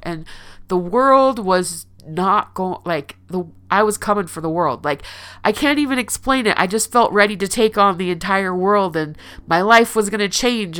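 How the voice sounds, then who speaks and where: A woman's voice: medium pitch, a bit bright, clear, resonant tone. A woman speaking earnestly in a confessional personal monologue, emotional and often restarting her sentences.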